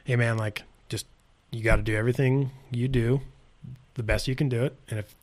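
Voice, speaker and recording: A man from South Dakota, a bike race mechanic, spins his stories in a relaxed, easygoing way, dropping "like" and "dude" all through. His voice sits at an ordinary middle pitch. The sound is dry and close, with no room around it. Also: a little fast, no echo. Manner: laid-back, heavy on "like" and "dude", animated retellings. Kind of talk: casual storytelling interview.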